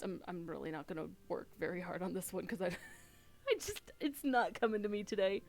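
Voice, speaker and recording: A woman's voice: lowish voice, animated, moderate pace. A young woman streamer giving casual, chatty and self-deprecating commentary while playing a game.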